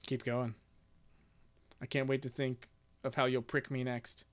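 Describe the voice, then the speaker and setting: A man's voice: mid-range voice, flat delivery, unhurried. A man co-hosting a podcast in casual chat, joking, often apologizing and poking fun at himself. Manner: joking, apologetic and self-deprecating. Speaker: podcast co-host.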